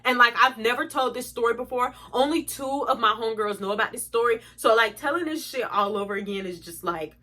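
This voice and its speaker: A young woman telling an exasperated storytime to her viewers, animated and swearing freely. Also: fairly high pitch, brisk, few pauses. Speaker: vlogger. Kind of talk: storytime vlog.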